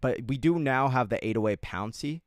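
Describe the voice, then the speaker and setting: A man's voice: medium pitch, expressive, normal speed, no echo, studio quality. A young man livestreaming a beat-making tutorial, chatting casually with his chat, joking and swearing a lot. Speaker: music producer livestreamer.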